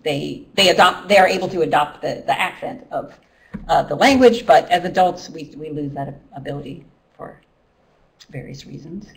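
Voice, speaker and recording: This deep, creaky female voice moves at a moderate pace. She's a middle-aged ESL teacher giving a training workshop in a relaxed, chatty manner, with frequent ums and restarts, recorded at a distance in the workshop room.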